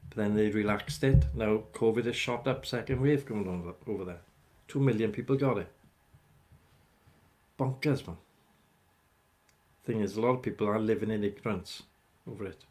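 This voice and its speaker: A man's voice: fairly low pitch, moderate pace, long pauses, a little mellow. A man hosting a casual livestream, rambling as he chats with viewers by name. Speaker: livestream host chatting with viewers. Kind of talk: casual live chat.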